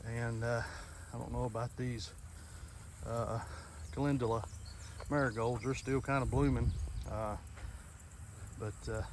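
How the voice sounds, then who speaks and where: A man giving a relaxed, folksy walk-through of his garden, with lots of filler words, recorded outdoors on a camera mic. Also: mid-range voice, a little slow, long pauses. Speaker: farm vlogger. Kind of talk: casual walk-through narration. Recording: faint outdoor noise with insects. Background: crickets and insects in the background.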